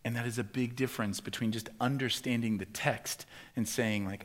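A man preaching a sermon, acting out frustrated questions in a raised, animated voice and then turning quiet and earnest. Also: medium pitch, normal speed. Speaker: pastor.

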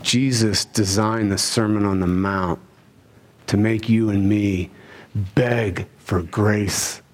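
A man preaching a sermon, driving his points home with rhetorical questions and swinging between loud emphasis and hushed lines. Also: lowish voice, steady tone, a little slow. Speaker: pastor.

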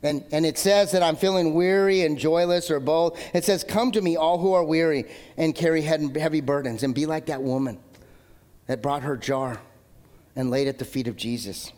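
A man preaching with a fairly high voice that rings through a big hall with a long echo. He keeps it loose and jokey, punching some lines loud and dropping others to quiet asides. It sounds like a casual pastor talking straight to his congregation. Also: normal speed. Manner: conversational, jokey, shifts between loud emphatic and low asides. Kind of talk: sermon.

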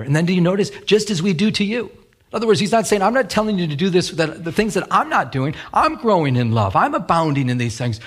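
A middle-aged man, a pastor, preaching a sermon in church with animated storytelling and acted-out quotes. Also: medium pitch. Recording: radio broadcast of a sermon.

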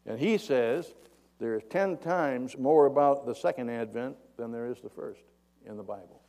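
An older man preaching a sermon in a folksy, rambling way. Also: moderate pace. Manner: folksy, rambling, raises pitch and volume to act out yelled dialogue. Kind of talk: sermon with a told joke.

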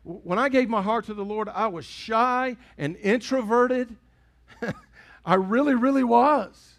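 A man's voice: very high-pitched, measured pace, fairly bright tone. A middle-aged man, a pastor preaching a sermon in a chatty storytelling way. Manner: storytelling, conversational preaching with acted dialogue.

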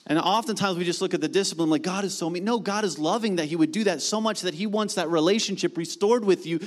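Middle-aged pastor preaching, slightly high voice, chatty asides. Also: male voice. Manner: conversational preaching with quick asides. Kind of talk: sermon.

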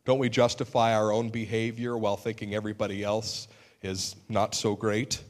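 A man's voice: fairly low pitch, steady tone, moderate pace. A middle-aged male pastor preaching a sermon in an earnest way, with sudden emphatic outbursts and self-deprecating humor.

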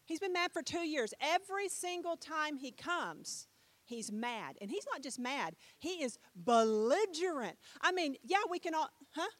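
A middle-aged woman preaching a sermon, telling a story with animated swings between loud and soft and putting questions to her listeners. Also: high voice, measured pace, dry recording. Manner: talks with the audience, asks them questions.

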